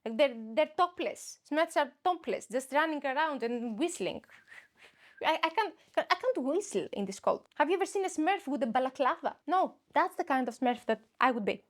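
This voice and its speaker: A young woman from Greece delivers a comic podcast monologue in English. Her voice sits a little high. She rambles, mocks herself and laughs through her own stories. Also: animated, moderate pace. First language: Greek. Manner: rambling, self-mocking, breaks into laughs. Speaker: comedian podcast host. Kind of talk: comedic monologue.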